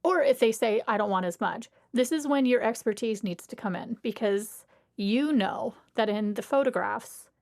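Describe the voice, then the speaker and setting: A woman's voice: a little high, a little mellow. A young adult woman hosting a podcast, giving chatty, frank makeup advice and acting out client conversations. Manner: chatty, frank, quick bursts with acted-out client dialogue. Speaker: podcast host and makeup artist.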